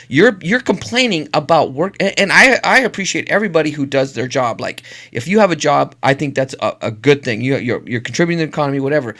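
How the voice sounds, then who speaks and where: A man's voice: fairly high pitch, animated, fast talker, hardly any pauses, bright, forceful tone. A middle-aged man co-hosting a podcast, telling stories in casual, profane, emphatic chat. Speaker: podcast co-host.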